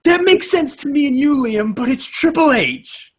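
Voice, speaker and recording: A man's voice: very high-pitched, lively intonation, normal speed. A man co-hosting a casual wrestling discussion, blunt and cynical. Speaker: co-host.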